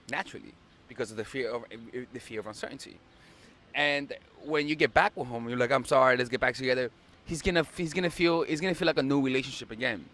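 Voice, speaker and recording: A man's voice: fairly high pitch, fairly bright tone. A young man giving casual dating advice, blunt and profane, repeating himself for emphasis. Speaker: dating coach.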